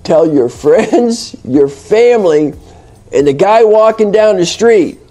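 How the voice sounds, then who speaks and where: Slow, mellow-voiced teasing American man. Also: high-pitched, animated. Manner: rambling, playful and teasing, many fillers and restarts. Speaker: English teacher and channel host. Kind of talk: casual spoken lesson to viewers. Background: faint background music.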